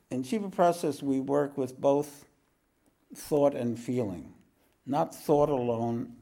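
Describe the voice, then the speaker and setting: A male spiritual teacher speaks slowly to a group in a room. His voice is dark and mellow, and his pace is unhurried. He clears his throat often and wanders into jokes along the way. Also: mid-range voice. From East Coast of the United States. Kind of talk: relaxed spoken teaching to a group.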